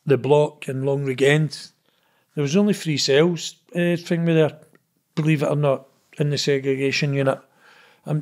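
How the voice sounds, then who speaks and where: A middle-aged Glaswegian man telling stories in a blunt, sweary, rambling way, often adding "know what I mean". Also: a little high. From Scotland. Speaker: interview guest. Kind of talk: casual storytelling.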